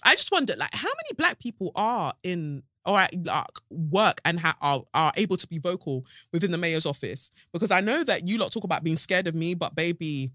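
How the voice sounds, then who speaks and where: A woman's voice: fairly low pitch, very animated, fairly quick, few pauses, fairly bright tone, no echo, clean studio sound. A woman hosting a solo podcast, irreverent and sarcastic, swearing freely in casual satirical chat.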